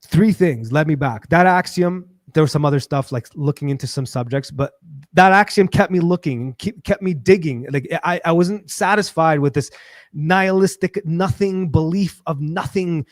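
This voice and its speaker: A man hosting a show, talking in a casual, rambling personal monologue with frequent restarts and animated bursts. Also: fairly high pitch, no room sound, studio quality. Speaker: show host.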